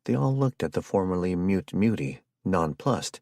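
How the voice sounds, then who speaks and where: Un hombre que narra un audiolibro con lectura pausada y constante. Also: male voice, low voice, animated, vocal fry, a little mellow, no echo, clean studio sound. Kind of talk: scripted narration.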